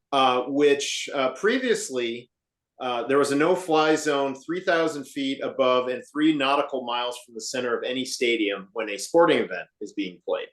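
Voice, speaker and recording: Male co-host, mid-range voice, dry and measured, echoey room sound, news-segment reader. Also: mid-range voice. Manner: dry, measured, many uh fillers. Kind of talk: casual fan podcast news report.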